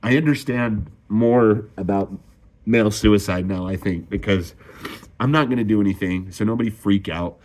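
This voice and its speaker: A young male vlogger delivers a raw, confessional monologue, swearing and sighing often, his voice climbing whenever he gets upset. His voice sits on the low side with a slightly mellow quality, and he speaks at a normal speed.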